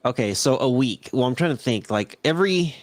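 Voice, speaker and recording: A man's voice: mid-range voice, animated, a little fast, no echo. A man with a Southern Californian accent, co-hosting a casual live-streamed podcast, rambling and laughing often as he reads out chat messages. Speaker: podcast co-host.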